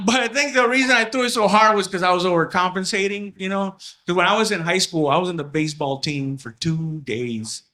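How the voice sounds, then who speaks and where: Animated man doing stand-up at a party. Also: high voice, fairly quick. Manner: animated, acts out voices in stories. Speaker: stand-up comedian. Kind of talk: stand-up comedy set. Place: house party crowd.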